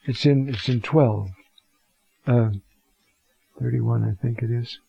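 A man teaching a Bible talk, reflective and unhurried, reading scripture passages aloud with emphasis. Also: medium pitch, steady tone, creaky, warm tone, breathy edge, no room sound. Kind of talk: scripture lecture. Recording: dull lo-fi sound.

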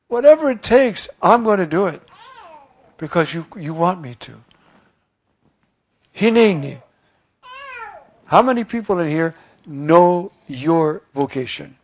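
Older priest preaching a chatty homily. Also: male voice, high-pitched, animated, unhurried, long pauses. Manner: conversational, acts out quoted voices, asks listeners "you see?".

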